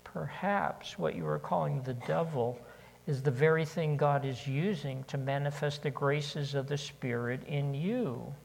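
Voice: medium pitch, unhurried, gravelly, a little mellow. A preacher delivering an earnest sermon, repeating key questions for emphasis, in a large church. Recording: long hall reverb.

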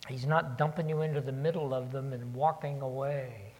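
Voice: medium pitch, steady tone, moderate pace, hardly any pauses, darkish tone. A preacher delivering an earnest sermon, repeating key questions for emphasis, in a large church. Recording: long hall reverb.

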